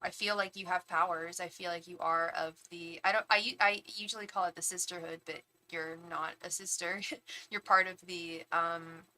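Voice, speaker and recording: Bright-voiced chatty woman reading tarot. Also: on the low side, moderate pace, poor audio. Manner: chatty and animated, with frequent restarts; repeats a soft chanted invocation. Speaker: tarot reader and psychic medium. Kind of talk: casual chat on a live stream.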